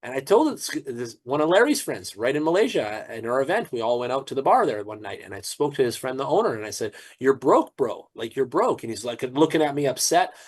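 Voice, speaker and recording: A man's voice: mid-range voice, very animated, fast talker, hardly any pauses. A man promoting a crypto platform in a casual, preachy pep talk, often repeating words.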